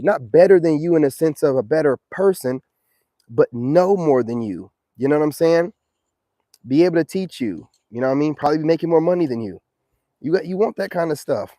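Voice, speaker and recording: A man's voice: a little high, mellow, dry recording. A man hosting a casual livestream, giving streetwise dating advice in a preachy manner and reacting to viewer comments.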